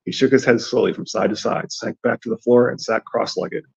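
A man's voice: medium pitch, steady tone, a little fast, vocal fry, husky. A man reading a novel aloud expressively, with his own commentary in between. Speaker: audiobook reader and theory commentator. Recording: dull lo-fi recording.

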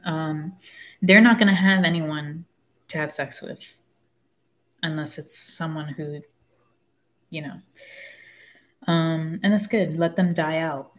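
A woman's voice: deep voice, slow pace, long pauses. A woman talking casually about a book she is reading, rambling and frank, losing her thread and swearing freely. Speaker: book discussion host. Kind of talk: casual spoken book commentary.

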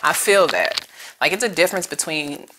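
A woman with a low voice gives a casual tarot reading, talking straight to her viewer. She is chatty and emotional and uses plenty of slang. A faint hiss runs under the recording. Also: lively intonation, moderate pace, pushed and bright. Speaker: tarot reader.

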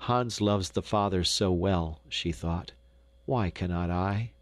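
A man voicing a frightened, tender little peasant girl in an audiobook, speaking softly and anxiously. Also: low-pitched, takes it slowly, no room sound. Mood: fretful. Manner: pleading, soft and anxious. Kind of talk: audiobook character voice.

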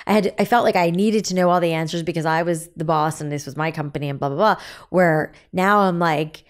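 Chatty woman in her 40s, lowish voice, acts out the dialogue in her stories. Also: fairly quick, clear, resonant tone. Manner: animated storytelling, acts out quoted dialogue. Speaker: guest, business founder. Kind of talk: candid podcast interview.

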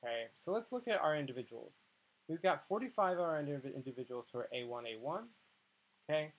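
A man's voice: fairly high pitch, lively intonation, fairly quick. Patient man explaining step by step, dull sound. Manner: patient, explains step by step, checks in with "okay" and "right". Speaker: biology instructor. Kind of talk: tutorial walkthrough.

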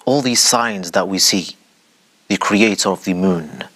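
A man hosting a religious commentary show speaks rhetorically, addressing the audience directly with dramatic emphasis. His voice sits low with a fairly bright tone, and he talks a little slowly.

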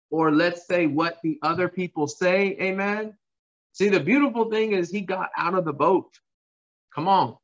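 A man's voice: sits high, a bit bright. Impassioned man preaching, muffled lo-fi sound. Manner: impassioned, repeats phrases, asks the congregation to answer. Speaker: pastor. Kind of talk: sermon. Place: church. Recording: dull lo-fi sound.

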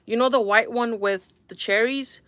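Young woman, live-stream host, bit high-pitched, exasperated and chatty with viewers. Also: moderate pace, no echo. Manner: exasperated, animated, talks to viewers. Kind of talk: casual live-stream chat.

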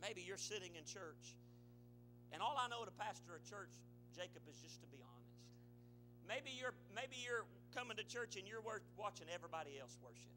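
High-voiced bright-toned preaching man. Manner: preaching with swells into shouting, then dropping low. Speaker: pastor. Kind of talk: sermon.

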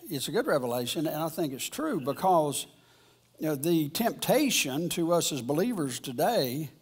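A man giving an informal Bible lesson at church, rambling and halting, often restarting his sentences. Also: on the high side, a little mellow, breathy edge. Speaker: church teacher.

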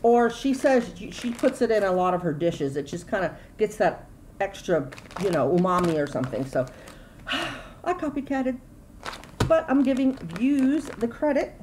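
A woman's voice: mid-range voice, lively intonation, normal speed, darkish tone, slight background noise, low-quality recording. A middle-aged woman, chatting casually and rambling through a grocery haul at home. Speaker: YouTube vlogger.

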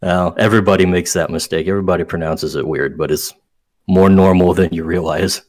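A man speaking as a guest game designer in a casual interview, relaxed and offhand. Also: low-pitched, brisk.

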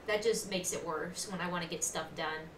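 Bright, chatty woman gaming streamer. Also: fairly low pitch, fairly even intonation, moderate pace. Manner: chatty, giggly, talks to chat. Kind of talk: casual live-stream commentary. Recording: echoey room, distant mic, faint noise.

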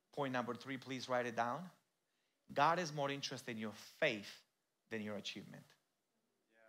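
A pastor preaches in a church, speaking directly to the congregation at medium pitch. He swings between quiet, intimate passages and loud, shouted emphasis.

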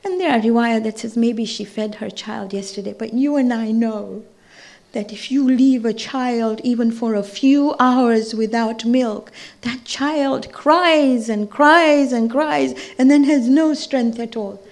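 A woman's voice: a little high, a little slow, gravelly, darkish tone. A woman leading a ladies' mourning gathering, narrating a tragic religious story with impassioned storytelling that rises and breaks with grief. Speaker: zakira leading a ladies majlis. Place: mosque hall.

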